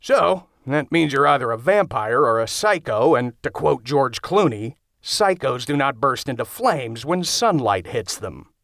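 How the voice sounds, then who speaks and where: A man's voice: medium pitch, big pitch swings, a little slow, gravelly, few pauses, fairly bright tone, no room sound, exaggerated voice. Casting: man voicing dry, blunt young guy, bored and unshakable, audiobook role, dead-dry booth sound. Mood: deadpan. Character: bored deadpan young man, unflappable coworker. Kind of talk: audiobook character voice. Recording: dry close studio sound.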